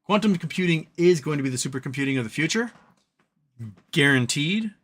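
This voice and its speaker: A man's voice: a little high, lively intonation, brisk, fairly bright tone. A man hosting a live stream, chatting casually about stocks and reading viewer questions, with a rambling delivery full of ums and self-corrections.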